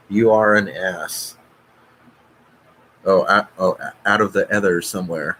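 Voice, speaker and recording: A man's voice: on the low side, steady tone, unhurried, a bit bright, a little hiss or hum, poor audio. A man hosting a live stream, reading out viewer comments and swearing, agitated. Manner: profane, agitated, reads viewer comments aloud. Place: at home.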